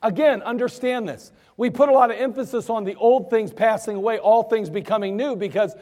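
A man preaching as pastor speaks briskly in a high-pitched, darkish voice, emphatic as he acts out the voices he quotes. The recording has the long reverb of a church sanctuary.

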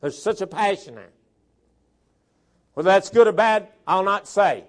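A man preaches with a notably high voice, reading out scripture verse after verse. He hits the key words hard and loud, then slips into folksy, chatty asides. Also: animated, measured pace. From southern Tennessee and northern Alabama, US.

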